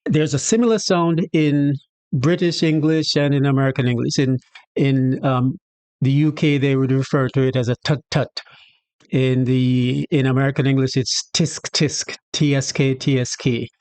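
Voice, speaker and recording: A relaxed man with a Jamaican accent talks through a casual patois lesson at a mid pitch. He wanders into small acted-out scenarios as he explains. The sound is dry and close, with no room around it. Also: moderate pace, no echo. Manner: relaxed, chatty, acts out little scenarios with quoted voices. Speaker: channel host teaching patois.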